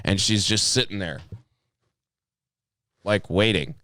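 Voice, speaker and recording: A young man co-hosting a podcast, telling everyday stories as animated rants, swearing often and acting out his own outbursts. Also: fairly low pitch, takes it slowly, no room sound, studio quality. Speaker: podcast co-host. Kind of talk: casual chat.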